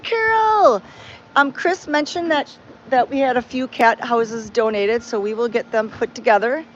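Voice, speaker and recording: A woman hosting a live stream about her cat sanctuary, rambling and heartfelt, greeting viewers by name. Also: mid-range voice. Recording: dull lo-fi sound with faint background noise.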